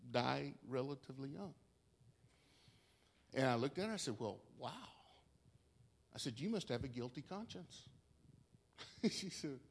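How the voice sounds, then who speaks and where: Male preacher, slightly higher voice, slow deliberate storytelling sermon. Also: gravelly. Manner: tells a story, quoting both sides of a talk; swings from quiet and soft to loud and urgent.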